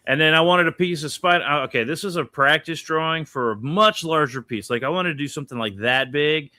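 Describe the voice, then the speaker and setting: A man's voice: on the high side, brisk, bright, forceful tone, dry recording, studio quality. A man casually chatting about his drawings on a stream, laid-back and swearing freely as he explains his art. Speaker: artist showing his drawings. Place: indoor studio with his art panels behind.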